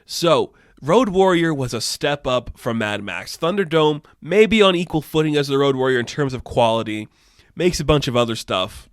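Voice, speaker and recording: A young man hosting a podcast, chatting casually about films in a rambling, animated way, with lots of fillers and swearing. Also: medium pitch, normal speed, no room sound, studio quality. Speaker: podcast host. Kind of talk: casual chat.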